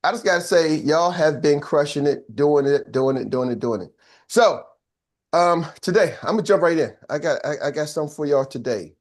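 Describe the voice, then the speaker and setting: An older man leads a live business masterclass, his voice sitting a bit high and swinging widely in pitch. He is energetic and repetitive, and he keeps calling out to his audience for answers. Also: normal speed. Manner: energetic, repetitive and call-and-response. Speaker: business coach.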